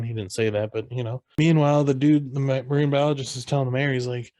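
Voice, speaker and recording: Animated man retelling a movie. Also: mid-range voice, quick pace, hardly any pauses, no echo. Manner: animated retelling, acting out lines in raised voices. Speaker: podcast co-host. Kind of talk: casual movie recap chat.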